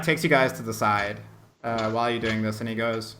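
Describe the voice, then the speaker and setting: A man running a tabletop role-playing game as game master, narrating and talking with his players in an animated way. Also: fairly low pitch, fairly quick, slight background noise. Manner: animated, switches into character voices.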